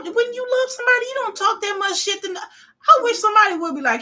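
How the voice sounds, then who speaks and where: A woman's voice: very high-pitched, animated, quick pace, pushed and bright, slight background noise. A woman hosting a live watch party of a reality show, giving blunt, profane, opinionated commentary straight to her viewers. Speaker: live-stream host.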